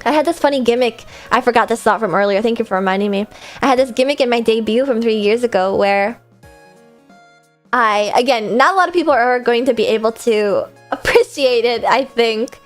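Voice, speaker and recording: Chatty higher-voiced woman streamer. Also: fairly quick, faint music behind. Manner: chatty, rambling, self-deprecating. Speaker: streamer hosting a viewer Q&A. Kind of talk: casual live-stream chat.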